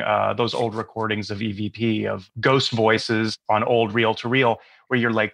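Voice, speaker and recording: Male host, video call Q&A, thoughtful and drawn-out. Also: medium pitch, a bit bright. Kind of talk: casual panel Q&A over a video call.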